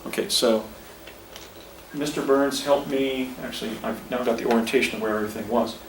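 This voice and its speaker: A man's voice: medium pitch, steady tone, fairly quick, vocal fry. A man in his fifties tells a story outdoors at a historic site, rambling and correcting himself as he points things out. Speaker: speaker recounting an experience. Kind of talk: casual storytelling on location. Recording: distant, echoey, faint outdoor noise.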